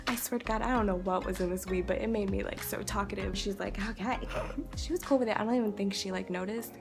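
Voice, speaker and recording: Young woman, casual storytime, rambling, swears a lot, giggly, clear music behind her. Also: medium pitch, steady tone, fast talker. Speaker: vlogger.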